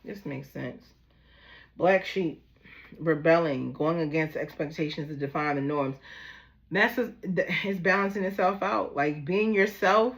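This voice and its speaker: A woman's voice: low voice, measured pace. A woman from Baltimore with a Baltimore accent, giving a casual, chatty tarot reading straight to her viewers in a familiar, easygoing way. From Baltimore, USA. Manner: chatty and familiar, calls listeners "y'all" and "baby". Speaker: tarot reader.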